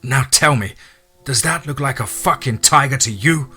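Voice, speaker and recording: A man's voice: medium pitch, normal speed, bright, forceful tone, husky, faint music behind, voice pushed up. A man voicing a brash, insistent young man who swears, in an audiobook reading. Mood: exasperated. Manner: urgent, exasperated. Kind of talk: audiobook character voice.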